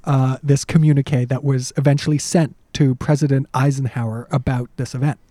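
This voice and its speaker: A man co-hosting a casual history podcast, talking in an animated, emphatic way with frequent restarts. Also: medium pitch, fairly quick, no echo. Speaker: podcast co-host and history lecturer.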